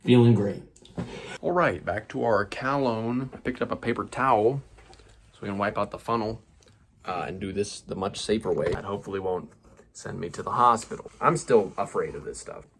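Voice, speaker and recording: Gravelly young guy rambling through a vlog. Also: on the low side, moderate pace, a bit bright, a little hiss or hum. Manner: rambling and self-mocking, slangy with "bro". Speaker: hobby perfumer vlogger. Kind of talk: casual demonstration vlog.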